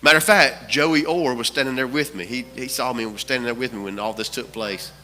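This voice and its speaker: Bright-voiced pastor preaching in a reverberant church. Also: male voice, mid-range voice, a little fast, a little hiss or hum. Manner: storytelling, repeats phrases for emphasis. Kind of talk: sermon. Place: church sanctuary.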